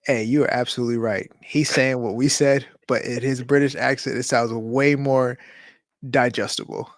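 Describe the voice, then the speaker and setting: A man's voice: medium pitch, steady tone, no room sound, clean studio sound. A man co-hosting a reaction podcast, cracking sarcastic jokes about the clip. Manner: joking and sarcastic, quick to laugh. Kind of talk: casual commentary chat.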